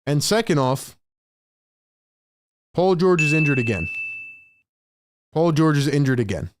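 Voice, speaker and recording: A man hosting a live play-by-play reaction stream. He swings between hyped shouting and frustrated muttering and repeats lines for emphasis. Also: a little high, very animated, measured pace, background noise. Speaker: sports stream host.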